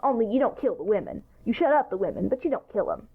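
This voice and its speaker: Woman doing a bossy eager kid, high bouncy voice, excited and boastful. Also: fast talker, husky, full character voice. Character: eager bossy boy ringleader. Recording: tinny phone-like sound.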